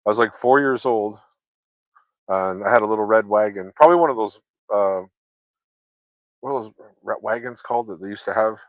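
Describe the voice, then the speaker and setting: A man with a fairly low voice talks loosely to his viewers, drifting from one story to the next and swearing often. The sound is dry and close, with no room around it. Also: a little fast, long pauses, dry recording. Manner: loose, chatty, swears freely, laughs often. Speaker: vlogger chatting with viewers. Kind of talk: casual rambling chat.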